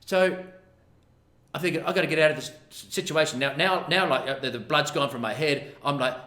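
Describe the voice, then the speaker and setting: A middle-aged Australian massage therapist telling an embarrassing story to camera in a lively, self-deprecating way, acting out the dialogue. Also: male voice, fairly high pitch, fairly quick. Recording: roomy echo.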